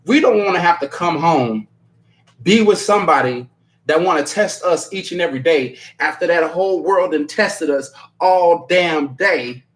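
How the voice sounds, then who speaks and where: A man's voice: on the high side, unhurried. A man hosting a casual livestream and reading viewer comments aloud, talking bluntly and emphatically, swearing freely and repeating his points. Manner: apologetic after ranting.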